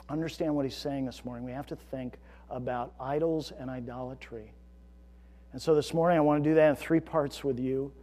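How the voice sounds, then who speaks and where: A man preaching a sermon as pastor, earnest, swelling into emphatic storytelling and dropping to a hush. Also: mid-range voice, long reverb tail. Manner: earnest, rising to emphatic storytelling then hushed.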